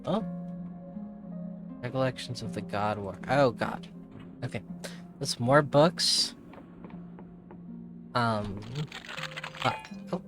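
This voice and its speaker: A man's voice: medium pitch, takes it slowly, pauses often. A man streaming a game, muttering and swearing to himself in casual commentary. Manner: muttering, swears, self-deprecating. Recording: game music underneath.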